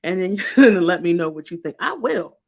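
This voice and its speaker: A woman's voice: fairly low pitch, big pitch swings, moderate pace, vocal fry, dull audio. A woman hosting a casual livestream, chatty and gushing, talking straight to her viewers with frequent laughs. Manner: talks to chat viewers directly. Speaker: livestream host.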